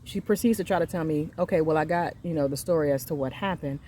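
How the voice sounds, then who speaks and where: A woman in her thirties telling an angry story about her son's school, emphatic and reenacting the conversations, swinging between quiet and loud. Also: deep voice, fast, slight background noise. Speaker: mother venting on her channel. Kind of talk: heated storytelling rant.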